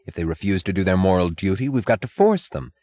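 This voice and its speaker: A man's voice: sits low, sing-song, quick pace, dry recording, lo-fi sound, heavily acted. A man reading an audiobook, voicing a smug middle-aged bureaucrat who preaches in an oily, sanctimonious manner. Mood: preachy.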